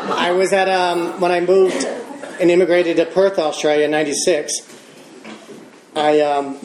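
A man in his fifties with an American accent, a little higher-pitched than most men, shares his recovery story in a big meeting room. He chuckles through it and pokes fun at himself. The room is echoey and there is steady noise behind him. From Michigan, United States. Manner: chuckling, self-deprecating storytelling. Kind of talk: personal testimony share.

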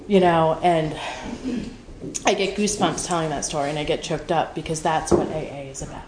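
Woman sharing her recovery story, raw and sweary, lots of "you know", low voice, echoey noisy room. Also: fairly quick. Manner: candid, emotional, swears freely, lots of fillers. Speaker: speaker sharing at a recovery meeting. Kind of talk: personal story talk.

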